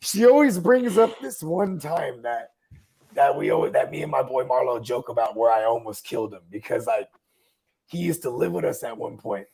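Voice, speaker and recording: A man's voice: medium pitch, creaky, darkish tone, husky. A young man casually telling a long, rambling story, swearing and laughing along the way. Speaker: podcast host.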